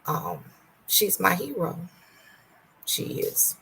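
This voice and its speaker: A middle-aged woman hosting a casual livestream from home, greeting viewers by name and speaking candidly, softer and slower on painful memories. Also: medium pitch, animated, gravelly, slight background noise. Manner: greets and thanks viewers by name between stories. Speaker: livestream host. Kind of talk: casual live-stream chat.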